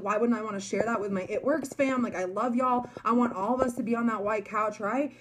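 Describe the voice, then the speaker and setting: Chatty young woman, higher voice. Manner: chatty, emphatic, many likes and you guys. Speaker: network marketer. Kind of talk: motivational talk to followers.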